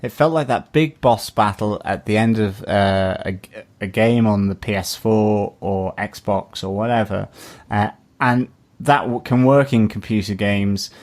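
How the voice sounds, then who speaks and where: A man's voice: fairly low pitch, unhurried, a little mellow. A man co-hosting a film review podcast, chatting casually and rambling with many fillers. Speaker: podcast co-host.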